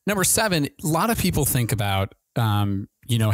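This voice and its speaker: Fast-talking man on a dry podcast mic. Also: medium pitch, no echo. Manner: rapid, animated, many restarts and fillers. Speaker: podcast host and ad consultant. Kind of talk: fast podcast talk on marketing.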